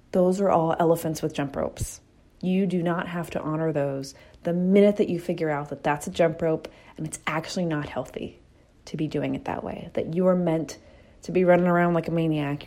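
A woman's voice: fairly low pitch, fairly even intonation, normal speed, dark tone. A woman hosting a reflective motivational talk, telling candid stories with a casual, storytelling manner and the odd swear word.

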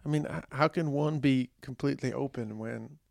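A man's voice: mid-range voice, moderate pace, gravelly, darkish tone, dry recording, studio quality. A man hosting an interview, asking blunt, sympathetic questions and swearing casually. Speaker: interviewer, host. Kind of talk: candid interview conversation.

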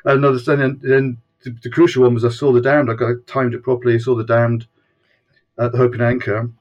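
On a dull-sounding video call, a former punk fanzine editor from Scotland, now in his sixties, speaks as the guest. His medium-pitched voice barely moves in pitch and runs fairly quick, and his talk is casual, rambling and full of restarts.

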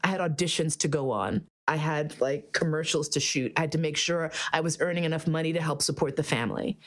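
A woman's voice: low voice, fairly quick. A woman hosting a podcast, telling a candid story full of swearing and acted-out quotes. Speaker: podcast host. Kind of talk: candid casual chat.

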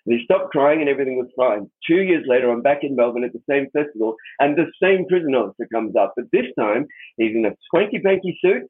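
A man's voice: medium pitch, expressive, quick pace, breathy edge. A man being interviewed as an author, telling a personal story earnestly and with animation, repeating words when he stresses a point. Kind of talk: spoken anecdote, storytelling. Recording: tinny phone-line or radio sound.

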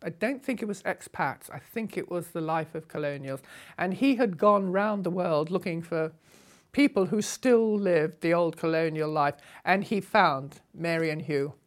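An older woman from Britain recounting travel memories in a lively, humorous way. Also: on the low side, moderate pace. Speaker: storyteller. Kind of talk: recounting a memoir.

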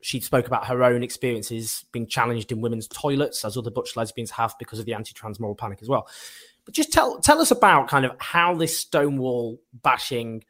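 A man's voice: medium pitch, lively intonation, fairly quick, fairly bright tone. A man hosting an interview, asking long, rambling questions full of fillers. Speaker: host. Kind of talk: conversational interview.

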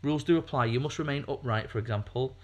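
A man's voice: mid-range voice, fast. A man co-hosting a podcast, talking casually in a rambling way with lots of fillers. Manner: rambling, chatty, many fillers and restarts. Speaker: podcast co-host.

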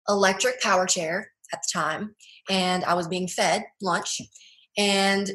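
Her mid-range voice has a fairly bright tone as the young adult woman, interviewed as a guest, earnestly recounts her personal story with frequent "like" and "you know." The room's echo is noticeable.

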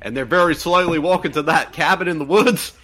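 A man's voice: on the high side, a little fast, bright, forceful tone. A man co-hosting a casual movie commentary chat, joking and giggly, rambling a little. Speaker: co-host.

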